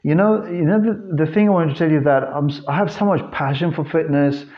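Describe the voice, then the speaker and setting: Through lo-fi sound, a man with a fairly high-pitched voice talks a little fast on his solo fitness podcast. The trainer and host speaks casually and earnestly, calling his listeners guys, while rambling through restarts and fillers.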